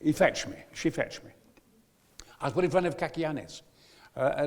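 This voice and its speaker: An older man, a guest actor, telling a long anecdote on stage at a live event with exuberant, theatrical flair and sudden booming outbursts. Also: normal speed, long pauses.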